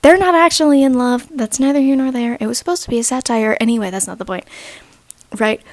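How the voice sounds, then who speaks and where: A young woman giving a loose, chatty rant-lecture on writing, rambling with lots of asides and now and then dropping to a soft half-whisper. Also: a little high, quick pace, no echo. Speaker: writing video creator.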